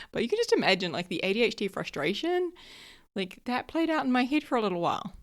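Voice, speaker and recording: A woman's voice: a little high, big pitch swings, brisk, pauses often. A middle-aged woman hosting her own podcast, chatting casually and telling stories with lots of "like" and frequent laughs. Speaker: podcast host. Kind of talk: casual solo podcast chat.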